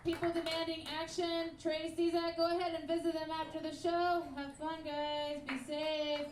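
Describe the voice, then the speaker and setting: A woman's voice: very high voice, flat delivery, moderate pace. A woman host wrapping up a live comedy show with upbeat announcements. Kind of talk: closing announcements. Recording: echoey room, distant mic, loud noise.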